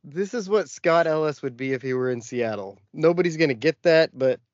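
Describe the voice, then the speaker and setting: A man co-hosting a podcast, laughing often and throwing in quick comebacks in casual chat. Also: fairly high pitch, animated, no room sound, dull audio. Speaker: podcast co-host.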